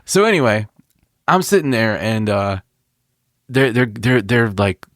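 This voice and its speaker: A man co-hosting a podcast, telling a long story in casual chat and acting out every voice in it. His voice swings widely up and down in pitch, and the recording is dry and close. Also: a little slow, no room sound. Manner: animated storyteller, acts out voices, laughs often. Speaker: podcast co-host.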